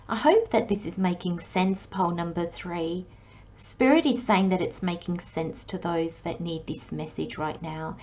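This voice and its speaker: A woman giving a channelled tarot reading in a soft, dreamy way, often dropping into a hushed whisper. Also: lowish voice, lo-fi sound. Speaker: tarot reader.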